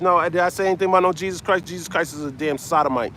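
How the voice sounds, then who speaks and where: A man's voice: on the high side, fast, hardly any pauses, a bit bright, a little hiss or hum. A man preaching on a livestream in blunt, slangy street talk, answering his chat and ending his lines with "man". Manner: blunt, slangy, repeats "man" at line ends.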